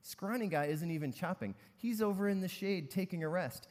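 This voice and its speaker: Loud, boastful lumberjack as a preacher puts him on, fairly high voice, hall echo. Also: male voice, expressive, moderate pace. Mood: puzzled. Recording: long reverb in a large hall.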